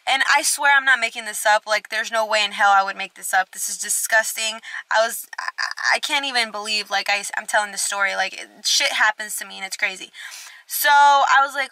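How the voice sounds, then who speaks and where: A woman's voice: a little high, fairly quick, clear, resonant tone, no echo. A young woman vlogger telling a storytime, swearing freely and acting out both sides of the conversations. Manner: expressive, swears a lot, acts out both sides. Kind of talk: storytime vlog.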